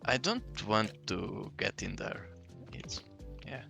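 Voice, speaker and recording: Fields: Sex: man. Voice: gravelly, low. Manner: deadpan, terse. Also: slow pace, soft background music. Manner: deadpan, terse short answers. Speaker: roleplaying house staff character. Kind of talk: in-character roleplay during a game stream.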